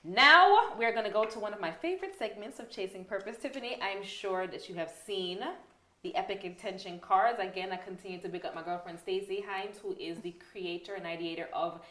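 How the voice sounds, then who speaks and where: A woman's voice: medium pitch, fairly quick, pushed and bright, echoey room. A woman hosting a faith-based talk show, giving enthusiastic, preachy encouragement. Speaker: host.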